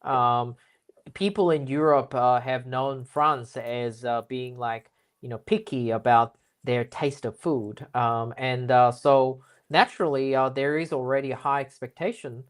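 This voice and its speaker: A man's voice: medium pitch, steady tone, unhurried. A man speaking as a guest in a casual business interview, explaining things at length with lots of fillers and restarts. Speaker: guest expert.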